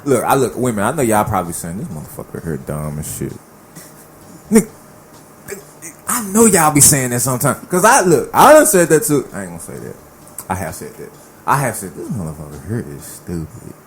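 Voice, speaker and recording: A man from Dallas, hosting a casual podcast chat, telling stories in an animated, slangy way. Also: mid-range voice, a little hiss or hum. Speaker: host.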